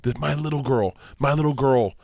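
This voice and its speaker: A man telling a story as a guest on a talk show, excitable and swearing, acting out the dialogue. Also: mid-range voice, normal speed, gravelly, dry recording, studio quality. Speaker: guest comedian. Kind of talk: animated storytelling.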